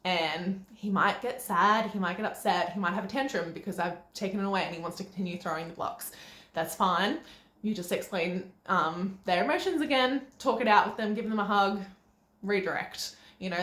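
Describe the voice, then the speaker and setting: Young woman, casual parenting vlog, chatty with ums and small laughs, mid-pitched, roomy echo. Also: normal speed, a bit bright. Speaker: parenting vlogger. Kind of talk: casual advice talk to camera. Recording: echoey room.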